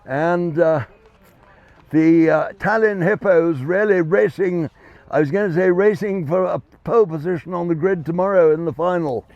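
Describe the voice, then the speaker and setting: A man's voice: fairly high pitch, moderate pace, a little mellow, no room sound. A man giving chatty, self-deprecating live ball-by-ball cricket commentary. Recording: dull lo-fi sound.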